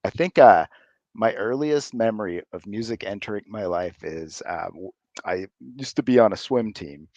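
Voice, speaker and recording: Male podcast guest, relaxed and rambling, dull dry lo-fi sound. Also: fairly low pitch, no echo. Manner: easygoing and meandering, thinking aloud as he recalls things. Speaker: podcast guest, effects pedal maker. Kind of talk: casual interview chat.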